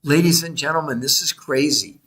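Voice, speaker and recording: A man's voice: fairly high pitch, normal speed, fairly bright tone, husky. A man presenting research to viewers in an insistent, repetitive, sales-style way, addressing them directly and greeting chat viewers by name.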